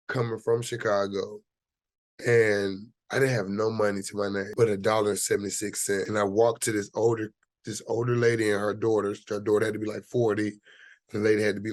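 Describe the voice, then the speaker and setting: An American actor appears as an interview guest, telling his story in an easygoing, casual way full of fillers. His voice is lowish, and there's no room sound in the recording.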